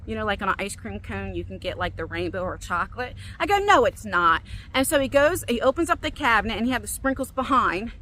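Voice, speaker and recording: A middle-aged woman vlogging as she walks in a park, telling a story casually and acting out her own lines with big leaps in pitch, recorded on a phone. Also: quick pace, few pauses, slight background noise. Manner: animated, quotes herself with big jumps in pitch. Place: outdoors in a park, walking. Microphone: phone on a selfie stick.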